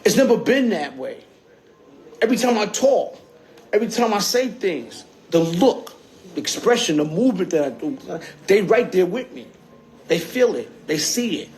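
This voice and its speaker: High-voiced streetwise man on a livestream. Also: sing-song, moderate pace, a little mellow, a little hiss or hum. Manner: streetwise slang, repeats "you heard?". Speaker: livestream host. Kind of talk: casual livestream monologue. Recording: phone screen-recorded livestream.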